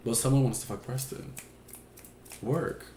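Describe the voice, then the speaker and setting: Animated and brisk at a medium pitch, this Puerto Rican man hosts a casual advice stream, joking around, chatting freely, and swearing now and then. The echoey room recording carries a little hiss or hum.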